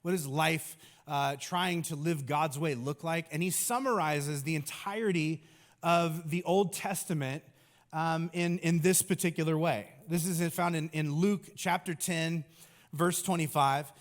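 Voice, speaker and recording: A man's voice: fairly high pitch, measured pace. A middle-aged man preaching a conversational sermon as a pastor, casual and joking, with many fillers.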